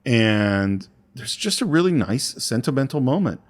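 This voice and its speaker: A man's voice: mid-range voice, very animated, unhurried, slight background noise. A man co-hosting a movie podcast, animatedly retelling scenes with acted quotes in a casual chat. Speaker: podcast co-host.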